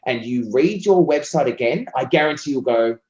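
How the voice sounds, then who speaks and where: A man's voice: mid-range voice, expressive, normal speed, darkish tone. Passionate, talkative Australian man on a dull roomy line. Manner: passionate, talkative, acts out client quotes. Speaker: copywriter being interviewed. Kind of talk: casual interview conversation.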